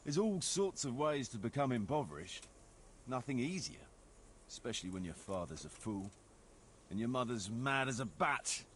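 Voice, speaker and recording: A bitter noble knight, voiced by a man, tells his family's troubles with dry, sardonic bluntness. His voice sits at an ordinary middle pitch. A faint hiss lies under this video game dialogue. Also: animated, normal speed, a bit bright, close to an everyday voice. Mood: wry. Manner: wry, sardonic storytelling.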